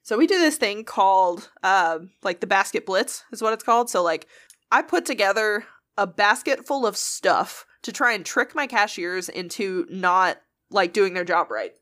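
A woman casually telling funny work stories, animated and swearing freely. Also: medium pitch, normal speed. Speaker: podcast co-host. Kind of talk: casual storytelling chat.

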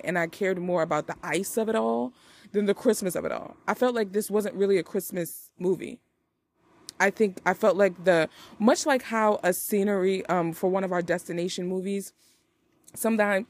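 A woman hosting a movie review podcast, chatting casually and animatedly with playful wordplay. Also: mid-range voice. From United States. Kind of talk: casual chat.

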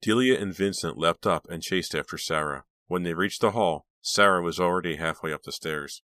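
A man narrating a teen thriller audiobook in a measured storytelling voice. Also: low voice, sharp tone, no room sound. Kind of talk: scripted narration.

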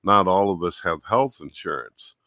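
A man's voice: low-pitched, animated, moderate pace, pushed and bright, no echo, studio quality. A man hosting a casual political chat, griping angrily with lots of swearing. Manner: angry, profane griping. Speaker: podcast host.

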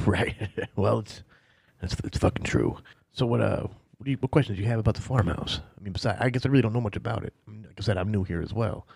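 Casual boozy young pastor played by a male game master, low and offhand, curses freely. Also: quick pace, creaky, darkish tone, slightly rough, dry recording, studio quality. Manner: casual, drawling, swears offhandedly. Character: laid-back hard-drinking young male pastor. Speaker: small-town pastor.

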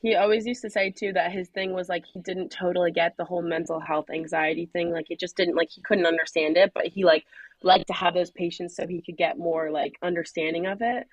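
A woman's voice: on the low side, steady tone, a little fast, no echo, low-quality recording. Chatty young woman, dry close mic. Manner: chatty, laughs often, lots of "like". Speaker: guest, new grad nurse. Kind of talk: casual podcast chat.

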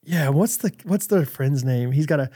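A fairly high-voiced American man co-hosting a casual podcast. His pitch swings widely as he jokes, laughs and shouts out movie lines. He reads listener reviews aloud between bits. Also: normal speed. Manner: animated, laughs often, bursts into loud movie-quote impressions. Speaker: podcast co-host. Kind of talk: casual chat.

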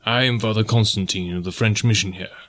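A man's voice: fairly low pitch, steady tone, fairly quick, a bit bright, lightly acted. A man voicing a courteous mission priest with a polite, formal manner. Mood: welcoming.

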